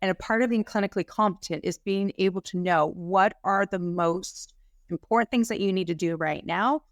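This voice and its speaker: A woman practitioner speaking as an interview guest, excited and fired up, with frequent "like" fillers. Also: mid-range voice, normal speed, no echo, studio quality. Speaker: guest health practitioner and educator. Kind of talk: casual interview talk.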